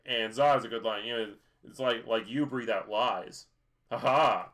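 A podcast co-host recaps an episode in casual chat, rambling and looping back with lots of fillers and restarts. His bright voice sits at an ordinary mid pitch, and he talks loosely at a moderate pace.

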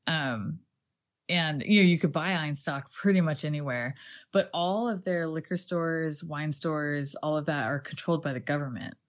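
A woman's voice: low voice, normal speed, highs cut off. A woman co-hosting a casual podcast chat, chatty and laughing often, swearing now and then. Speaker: podcast co-host.

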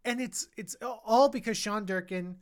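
A man co-hosting a podcast, reviewing a film in casual chat, animated and earnest, quoting characters' thoughts as he talks. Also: sits high. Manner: animated, acts out characters' thoughts in quick quotes; emotional and earnest about the film. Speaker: podcast co-host.

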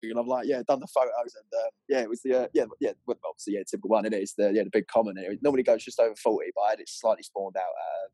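A young man, an angler, telling a story in an animated, rambling way full of fillers, on a clip-on mic. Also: fairly low pitch, very fast, hardly any pauses, husky, no room sound. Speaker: angler guest. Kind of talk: excited storytelling.

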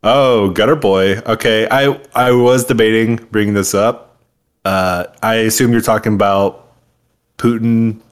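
A man's voice: on the low side, fairly even intonation, unhurried, smooth. A man in his twenties co-hosting a podcast, joking and sarcastic in casual banter. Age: 20s. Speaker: podcast co-host.

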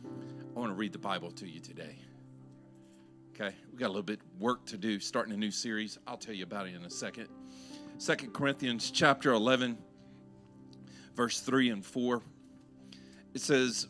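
A man's voice: on the low side, moderate pace, long pauses, over music. A male pastor preaching a sermon, chatty and joking with the congregation, then pressing his points with rising emphasis. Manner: conversational, joking, building to emphatic.

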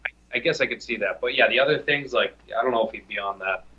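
A man with a bright, forceful tone and mid-range pitch, rambling animatedly through a casual sports chat. His mic sounds a bit dull and muffled. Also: fast, slight background noise. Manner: animated, rambling, restarts often. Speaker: podcast co-host.

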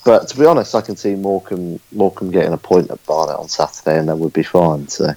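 A very deep-voiced man talks football in a tired, easygoing way, dropping the odd swear word. His voice sits close and dry on the mic. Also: fast talker, dark tone, no echo, low-quality recording. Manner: tired, laid-back, swears casually. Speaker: podcast co-host. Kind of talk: casual football chat.

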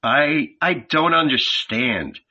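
A man's voice: a little high, slow pace, sharp tone, dull audio, heavily acted. A man reading an audiobook, voicing a puzzled, plain-spoken disciple.

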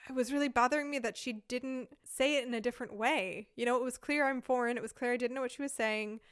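A woman's voice: on the high side, quick pace, clear, resonant tone, no echo, clean studio sound. A woman in her thirties from the United States, a podcast guest telling a casual anecdote with frequent laughter. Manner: lively storyteller, laughs often.

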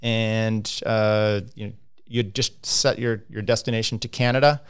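A man's voice: lowish voice, steady tone, unhurried, smooth. A man hosting a casual cycling livestream, rambling with lots of fillers and restarts as he talks through standings and viewer comments.

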